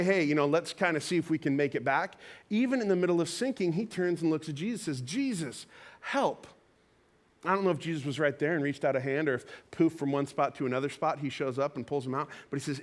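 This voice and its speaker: A man preaching a conversational sermon, telling a Bible story with lively acted-out quotes. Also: fairly high pitch. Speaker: pastor. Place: church auditorium.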